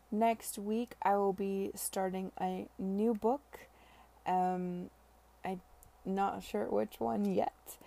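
Female audiobook host, mellow, fry in the voice, steady storytelling. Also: mid-range voice. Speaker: podcast reader. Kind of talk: reading a novel aloud.

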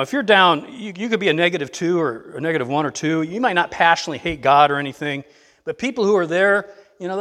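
Pastor guy giving a chatty sermon, kinda high voice, big hall echo behind him. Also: a bit bright. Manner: conversational preaching with rising emphatic bursts. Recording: long reverb of a large hall.

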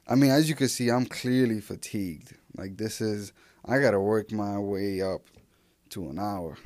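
A man's voice: on the low side, a little mellow, dry recording. A young man hosting a solo podcast, talking loosely and profanely with many restarts and fillers. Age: young adult. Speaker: podcast host. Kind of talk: casual solo podcast rambling.

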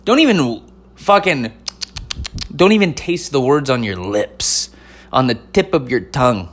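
A man's voice: medium pitch, very animated. A man putting on a folksy old Southern cop. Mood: stern lecture. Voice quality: slow folksy drawl. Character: friendly old male Southern police officer warning kids.

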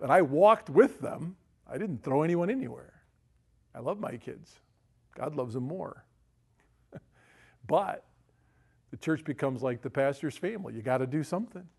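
A man's voice: on the high side, a little mellow, husky. A middle-aged man, a pastor, telling stories in a folksy, chatty sermon with frequent asides to the congregation. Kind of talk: sermon storytelling.

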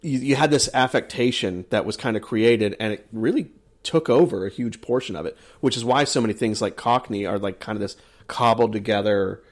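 An American man co-hosting a podcast chats casually, rambling with plenty of fillers and restarts. His voice is lowish and his delivery brisk.

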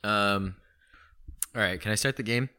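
A man's voice: on the low side, unhurried, bright, forceful tone, smooth. A young man co-hosting a comedy podcast, rambling through a text adventure with lots of ums and trailing-off anyways. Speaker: podcast co-host running a text game. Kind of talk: casual comedic banter.

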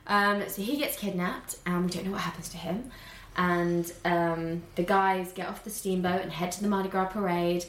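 A woman co-hosting a casual podcast, retelling a film plot quickly and animatedly with lots of fillers. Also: on the low side, reverberant. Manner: animated, fast storytelling with many fillers.

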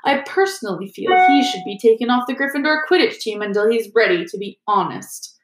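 A woman voicing a cold, sneering male teacher who drawls slowly. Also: a little high, animated, loud music behind the voice, lightly acted. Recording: roomy echo.

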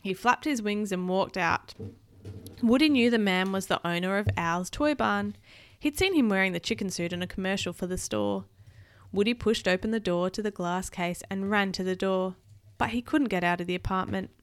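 A woman reading a storybook aloud to a child at home, patient and gentle. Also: medium pitch, moderate pace, clean tone, dry recording.

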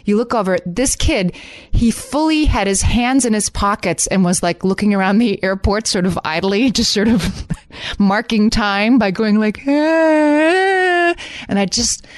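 A woman's voice: mid-range voice, normal speed, no room sound. A woman co-hosting a podcast in casual chat, telling stories with laughter and mimicking toddlers. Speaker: podcast co-host.

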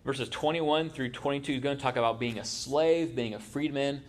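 In a church sanctuary, a pastor gives a relaxed, conversational sermon, joking with his congregation. His male voice sits at a middle pitch and moves at normal speed.

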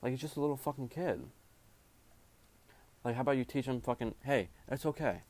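A man's voice: mid-range voice, steady tone, fairly quick, mellow. A young man, a jiu-jitsu referee, ranting in a casual, rambling way, full of swearing and slang. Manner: profane, rambling, heavy slang.

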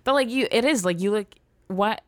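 A woman's voice: medium pitch, brisk. A woman stand-up comedian in casual podcast chat, telling stories in a blunt, sarcastic way.

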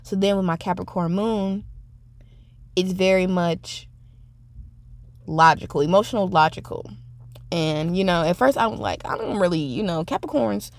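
Chatty woman with a low voice. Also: moderate pace, creaky, long pauses, no echo. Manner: chatty, rambling, self-reflective. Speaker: podcast host. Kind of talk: casual solo podcast monologue.

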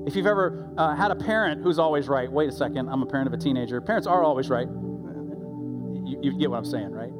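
A middle-aged man preaching a sermon as pastor, talking conversationally with lively asides and quick restarts. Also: medium pitch. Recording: loud music under the voice.

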